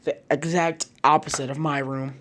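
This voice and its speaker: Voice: medium pitch, level tone, normal speed, a bit bright, a little hiss or hum, natural voice. A storyteller voicing an easygoing, awkward teen boy ninja in a casual fan story, in an everyday voice. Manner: casual, joking, slightly flustered.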